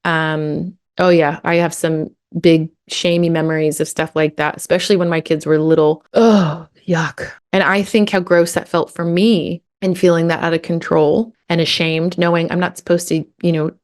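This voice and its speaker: A woman's voice: lowish voice, level tone, moderate pace, few pauses, darkish tone, clear, resonant tone. A woman in her forties, a parenting coach, talking candidly and animatedly in a slangy, casual chat.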